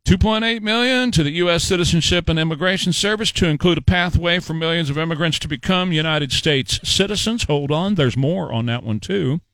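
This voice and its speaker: A man's voice: fairly high pitch, fairly quick, few pauses, fairly bright tone, no room sound. A man hosting a talk radio show, delivering an emphatic, sarcastic political monologue with rhetorical questions.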